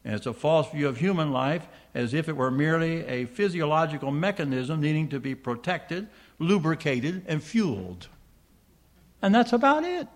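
A man's voice: fairly high pitch, sing-song, normal speed. An older man preaching a sermon, reading scripture aloud and asking his listeners questions he then answers himself. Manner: emphatic, asks the congregation rhetorical questions.

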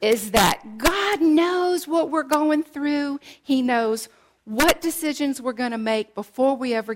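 A woman preacher delivering a sermon, retelling a story and acting out its scenes. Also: sits high.

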